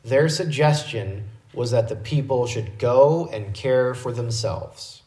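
A male pastor giving an expository sermon in a measured, explanatory teaching manner. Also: mid-range voice, dark tone, echoey room, rough recording.

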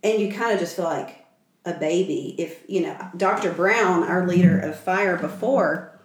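A woman in her forties recounts missionary memories with lively asides. Her voice is on the low side and sounds set back from the microphone. The room echoes around her. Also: moderate pace. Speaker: missionary guest. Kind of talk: casual chat. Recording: echoey room, distant from mic.

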